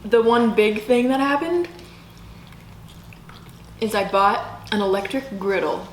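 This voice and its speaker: A woman's voice: a little high, takes it slowly, slight background noise. A young adult woman co-hosting a casual eating show, eagerly asking follow-up questions. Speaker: co-host. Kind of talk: casual chat. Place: indoors. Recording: echoey room.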